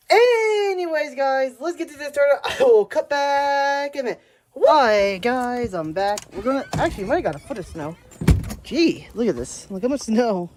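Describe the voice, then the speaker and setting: Out walking in a snowstorm, this woman vlogs her day in casual chat, laughing a lot as she speaks to her pets. She has a medium-pitched, darkish voice.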